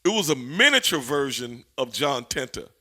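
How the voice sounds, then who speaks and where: Man, former wrestler, interview guest, lively swinging pitch, bright forceful tone, storytelling. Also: moderate pace. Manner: animated, profane, laughs while telling stories.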